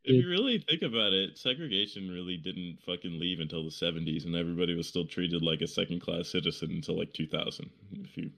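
A man's voice: low voice, quick pace, vocal fry, hardly any pauses, a bit bright. A young man co-hosting a podcast in casual chat, loose and joking and laughing often. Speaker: podcast co-host.

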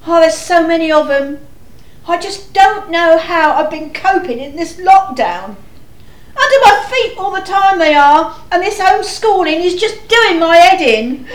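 A woman playing a frazzled, exasperated mother of many children in a panto, chatty and slow. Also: extremely high pitch, expressive. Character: frazzled harried mother in a shoe house. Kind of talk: amateur panto acting. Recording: echoey room.

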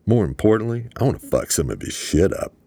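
A male narrator voicing a brash, crude, excitable grown man who loves gambling and partying. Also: on the low side, a little fast, husky, no echo, voice pushed up, heavily acted. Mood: boastful.

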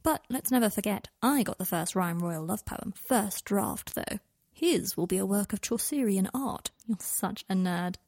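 A woman's voice: mid-range voice, a little slow, a little mellow, no room sound, studio quality. A woman narrating a story aloud, reading every character's texts and dialogue herself. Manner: reads both characters' dialogue and texts in one voice. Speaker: fan fiction audiobook reader. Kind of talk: scripted narration.

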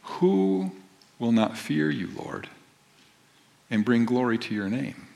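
A man's voice: mid-range voice, sing-song, takes it slowly, gravelly, darkish tone. A man who is a pastor, preaching a sermon and reading scripture aloud before explaining it in a conversational, emphatic way.

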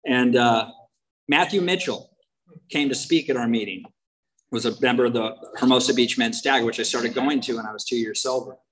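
A man's voice: mid-range voice, moderate pace, a bit bright, poor audio. A man telling his own story to a recovery meeting, candid and conversational, with frank asides. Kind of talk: personal testimony to a meeting. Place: recovery meeting, in person or over a video call.

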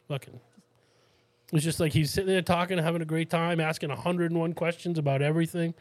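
A man's voice: on the high side, fairly even intonation, fairly quick, no echo. A man, co-hosting a podcast and telling rambling stories in a casual chat, full of fillers, laughs and swearing. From Massachusetts, USA. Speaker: podcast co-host.

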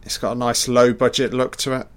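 A man's voice: mid-range voice, a little fast. A man giving a casual, sweary commentary on a film, muttering his reactions as he watches. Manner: relaxed, sweary, muttering asides.

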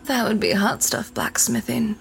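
A woman voicing a smooth-talking, flattering shopkeeper who calls customers darling. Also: a little high, moderate pace, slight background noise, heavily acted. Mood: coaxing. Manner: coaxing, calls people darling. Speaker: game master.

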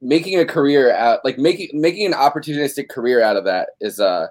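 A man's voice: medium pitch, lively intonation, brisk, a little mellow. A man co-hosting a casual podcast, talking loosely with swearing and lots of filler words. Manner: loose, profane, filler-heavy talk. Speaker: podcast co-host.

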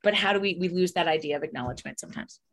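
Woman in her forties, animated storyteller, swears freely, lowish voice. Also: very fast. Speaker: guest, psychologist and author. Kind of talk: casual podcast chat.

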